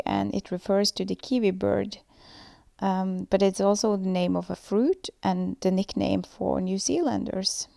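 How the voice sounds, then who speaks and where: A woman giving a scripted lesson, explaining points in a measured way as she reads from notes. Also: mid-range voice, vocal fry, warm tone. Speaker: student presenter.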